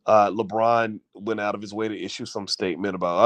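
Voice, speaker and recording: A man's voice: on the low side, flat delivery, quick pace, no echo. A man hosting his own channel, giving a passionate opinion rant that is full of repeats and rhetorical questions to the viewers. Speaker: channel host.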